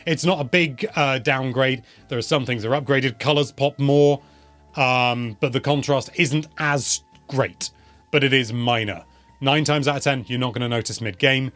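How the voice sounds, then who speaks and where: A man's voice: medium pitch, a bit bright, dry recording. A young man hosting a casual live question-and-answer stream, chatty and rambling, often correcting himself mid-sentence. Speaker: host answering viewer questions.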